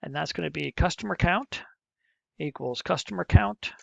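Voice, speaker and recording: A man's voice: a little high, normal speed, creaky, no room sound. Man talking through a coding lesson. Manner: plain step-by-step explaining, muttering as he types. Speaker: teacher. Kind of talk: screen-recorded coding lesson. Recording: muffled, dull lo-fi mic.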